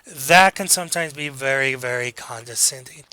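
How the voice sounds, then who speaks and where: A man teaching a communication class, talking through examples in a relaxed, conversational way and acting out quoted lines. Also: mid-range voice, moderate pace, poor audio. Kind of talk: recorded online lecture.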